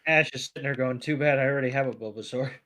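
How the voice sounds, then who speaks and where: A man's voice: medium pitch, fairly bright tone. A man co-hosting a podcast, casually recapping a cartoon episode and joking along. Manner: unhurried, joking. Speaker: podcast co-host.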